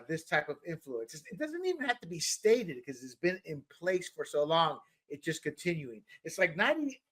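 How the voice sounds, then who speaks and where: A middle-aged man co-hosting a political talk show, animated and often repeating words as he builds a point. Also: on the high side. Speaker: podcast co-host. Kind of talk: political commentary chat.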